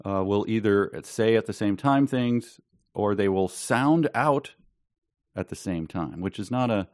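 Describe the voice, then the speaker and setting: A man with a lowish voice co-hosting a casual book podcast. He asks wry questions and reads passages aloud with mock drama. The sound is dry and close. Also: expressive, measured pace, a little mellow, no room sound. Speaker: podcast co-host. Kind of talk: casual book-discussion chat.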